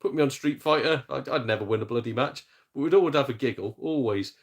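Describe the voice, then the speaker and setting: A man's voice: medium pitch, fast. Exasperated man ranting on stream. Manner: exasperated, sarcastic, mimics people in silly voices. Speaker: gaming channel host. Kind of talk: casual live-stream rant.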